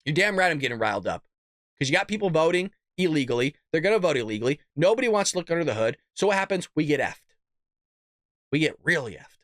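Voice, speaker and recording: A man hosting a political commentary show, ranting with heated, profane outbursts that swing from loud to muttered asides. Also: fairly high pitch, very animated, fast talker, dry recording, clean studio sound.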